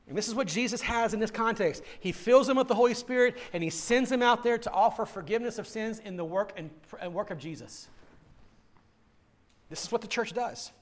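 A man's voice: sits high, brisk. A male pastor preaching a sermon, earnest and direct, often repeating words as he starts a phrase and calling listeners "friend".

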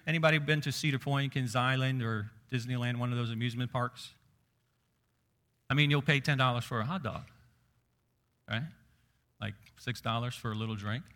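A man preaching a sermon. He slows down on key words and keeps asking his listeners questions. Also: mid-range voice, pushed and bright. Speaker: pastor.

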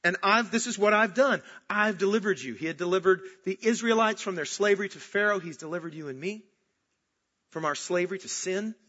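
A man preaching a sermon, moving between animated storytelling and soft, earnest emphasis. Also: high voice, brisk, muffled recording. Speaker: pastor.

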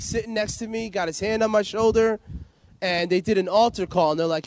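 A man with a high-pitched voice rambles through his personal testimony as an interview guest, circling back and filling gaps with "you know" and "like." No room sound is audible.

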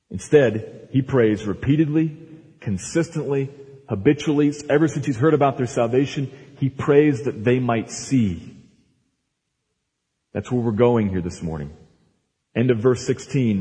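In a church sanctuary with long hall reverb, a pastor with a medium-pitched, dark-toned voice delivers a Sunday sermon at normal speed with long pauses. He explains scripture verse by verse, emphatic and repeating words for stress.

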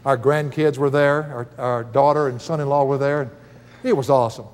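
A man's voice: mid-range voice, fairly even intonation, a little fast, in a large hall. An older man, preaching a Bible lesson in a folksy, chuckling storytelling manner. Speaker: Bible teacher. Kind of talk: sermon with personal stories.

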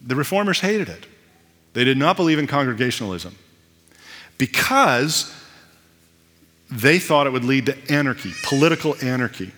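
A man's voice: medium pitch, sing-song, moderate pace, pauses often, sharp tone, slightly rough, long reverb tail. A man preaching a sermon as pastor, conversational with self-deprecating asides.

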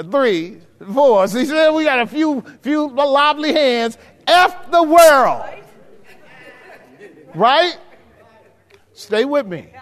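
High-voiced man preaching in an echoing hall. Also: a bit bright. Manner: conversational preaching, checking in with the room. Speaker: pastor. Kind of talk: sermon. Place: church hall with a live audience. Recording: long hall reverb.

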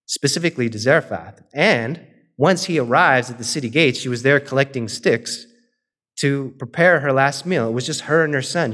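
A man preaching a sermon in a relaxed, conversational way. He retells old scripture stories in plain modern talk and briefly acts out the characters. His voice sits at a middle pitch. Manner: retells scripture in casual modern speech, acting out quoted characters; slows and softens into a quiet, drawn-out litany near the end.

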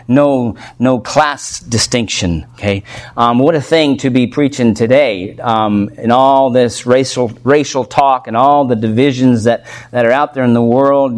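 A male pastor with a voice of ordinary, middling pitch delivers an expository sermon. He speaks earnestly and with emphasis, stressing key words and checking in with his congregation as he works through the text. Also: a little mellow.

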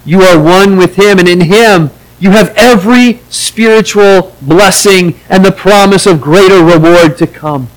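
A man's voice: high voice, measured pace, hardly any pauses, low-quality recording. A man preaching a sermon as pastor, earnest, and acting out the quoted voices of the story.

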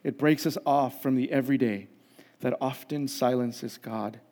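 A man's voice: mid-range voice, fairly even intonation, normal speed, darkish tone. Guy preaching a sermon, chatty and funny, long echo from a big hall. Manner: conversational, acts out quoted voices with humor. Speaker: pastor. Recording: long reverb of a large hall.

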